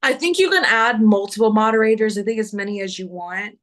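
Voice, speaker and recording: A woman's voice: medium pitch, brisk. A woman with a Kentucky accent co-hosting a live astrology stream in a casual, bubbly, chatty way. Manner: bubbly, uses y'all.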